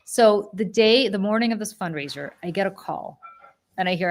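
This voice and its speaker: A woman in her forties co-hosting a podcast, telling a story in a lively, casual way with many fillers and self-corrections. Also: mid-range voice, normal speed. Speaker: podcast co-host.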